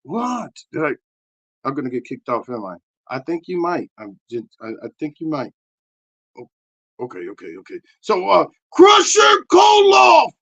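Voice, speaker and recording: A man doing a rambling, crude improvised comedy rant, excitable and prone to sudden shouting. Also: medium pitch, moderate pace, long pauses, muffled recording.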